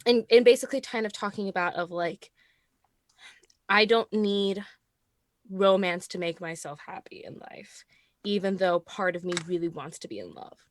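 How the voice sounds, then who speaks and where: A woman chats casually on a live stream, jumping into animated quoted asides as she tells a story. Her pitch sits in an ordinary middle range, and the sound is close and dry. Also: normal speed, dry recording. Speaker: panelist.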